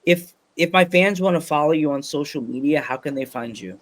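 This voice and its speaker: A podcast host with a slightly high, brisk voice rambles through a casual interview chat, joking, laughing often, and putting on animated voices for quotes.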